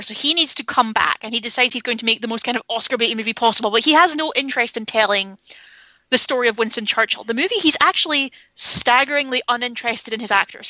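A woman's voice: fairly high pitch, sharp tone, no room sound, low-quality recording. A woman talking candidly about films in a casual podcast chat, opinionated and swearing freely. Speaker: film podcast panelist.

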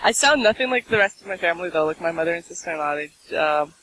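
A woman's voice: lowish voice, expressive, fast talker, a bit bright, slight background noise, rough recording. A woman with a faint Russian-Canadian accent, chatting and giggling on a podcast. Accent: slight Russian-Canadian. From family from Moscow, lives in Canada. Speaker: podcast co-host. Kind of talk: casual podcast chat.

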